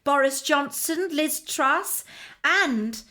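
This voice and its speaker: A woman hosts a comedic interview in a high voice. She gushes and flatters her guest. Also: drawn-out words. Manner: gushing, flattering. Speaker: host.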